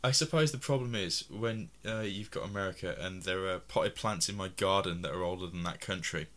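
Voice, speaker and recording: A man's voice: deep voice, a little fast, a bit bright, a little hiss or hum. A man from England chatting casually about films, rambling with many restarts and frequent laughs. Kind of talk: casual film discussion.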